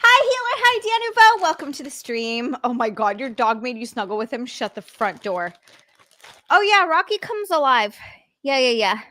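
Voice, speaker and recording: Young woman streamer, high bright voice, giddy casual chat with viewers. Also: moderate pace. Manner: bubbly, greets chat viewers, squeals with excitement. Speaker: streamer and podcast host.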